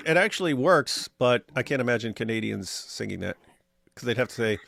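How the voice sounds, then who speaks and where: On a casual livestream, a male co-host reads viewer comments aloud and fires back with sarcastic, animated jokes. His lowish, gravelly voice moves at a moderate pace, captured with clean studio sound and no room echo.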